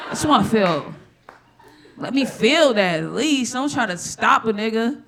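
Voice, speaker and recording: A woman performing a live stand-up set on a comedy club stage, brash and profane, with sudden loud outbursts. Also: fairly high pitch, lively intonation, normal speed, background noise.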